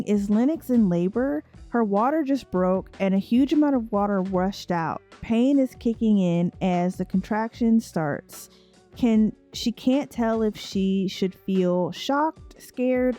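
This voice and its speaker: A woman's voice: medium pitch, dark tone. A tired young woman hosting a casual let's play, chatting straight to viewers with laughing asides. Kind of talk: casual gameplay commentary.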